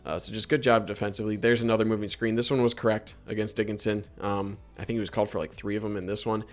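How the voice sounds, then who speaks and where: Laid-back man breaking down game film. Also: fairly low pitch. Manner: conversational, critical of officiating, many fillers. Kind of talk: casual video commentary.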